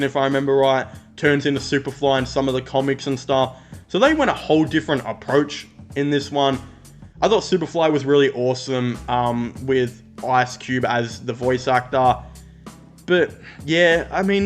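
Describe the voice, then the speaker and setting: An Australian man giving a casual, rambling movie review, blunt and quick to swear. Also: mid-range voice.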